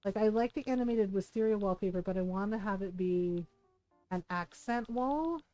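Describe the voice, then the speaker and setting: A woman streaming a cozy life-sim game, chatting casually while she decorates. She is animated, laughs often, and swears freely. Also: medium pitch, moderate pace, no echo, faint music behind, low-quality recording. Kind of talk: casual gaming stream chat.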